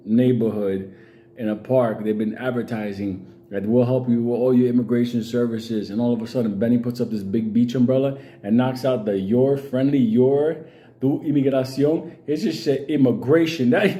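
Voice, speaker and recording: A man's voice: medium pitch, mellow. A middle-aged man telling a rambling, profane story in casual vlog talk, laughing at his own tale. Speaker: vlogger.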